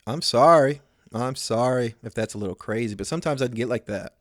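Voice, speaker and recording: A man's voice: medium pitch, fairly quick, dry recording, clean studio sound. A man hosting a podcast, rambling through a profane, self-mocking solo comedy monologue.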